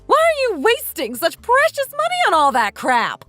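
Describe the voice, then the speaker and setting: A woman's voice: fairly high pitch, very animated, normal speed, fairly bright tone, no echo, faint music behind. A woman voicing a domineering mother-in-law in her sixties who scolds with contempt in a texting-story drama. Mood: scornful. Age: 60s.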